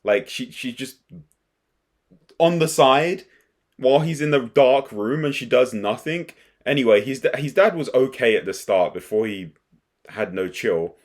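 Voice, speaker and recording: A man's voice: mid-range voice, a little slow. Rambling young man recapping anime. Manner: rambling, excitable, frequent restarts. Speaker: anime commentator. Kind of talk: casual recap and reaction.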